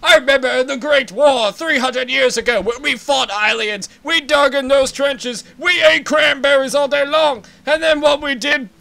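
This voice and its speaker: A man's voice: very high-pitched, moderate pace, gravelly, few pauses, pushed and bright, pitched above the performer's own voice, exaggerated voice. A man voicing a cranky old fish-man advisor in a comedic game voice-over, ranting indignantly.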